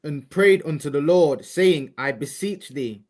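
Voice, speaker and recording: A man reads old-style Bible verses aloud with a slow, even delivery. His voice sits a touch high for a man. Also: low-quality recording. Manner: measured, steady reading of old-style verse. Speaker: scripture reader. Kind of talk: reading King James scripture aloud.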